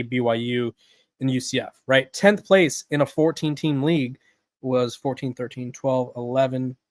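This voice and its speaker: A man talks through college football rankings in fast, looping bursts, restarting sentences and tossing in "right?" as he goes. His voice sits in a middle register. The recording is close and dry, with no room sound. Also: medium pitch, a little mellow, no room sound. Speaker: podcast host. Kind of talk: casual sports analysis.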